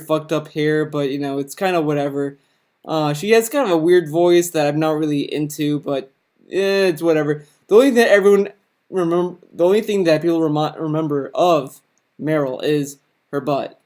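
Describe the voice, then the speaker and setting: A man's voice: on the high side, a little mellow. A man hosting his own video, giving a casual, crude comedic rundown of characters, rambling with lots of fillers and restarts. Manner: mocking, puts on quick sarcastic quoted voices. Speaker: video host.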